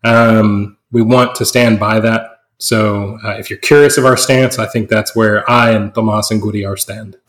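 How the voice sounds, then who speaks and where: A man opening a podcast episode in an earnest, halting way, full of fillers. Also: on the low side, fairly even intonation. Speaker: podcast co-host. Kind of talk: casual podcast chat.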